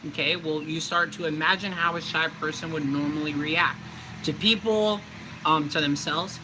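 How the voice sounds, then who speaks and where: A man's voice: fairly high pitch, steady tone, normal speed, background noise. A young adult man, a voice actor, giving casual livestream tips in a chatty, loose way, with many fillers and restarts.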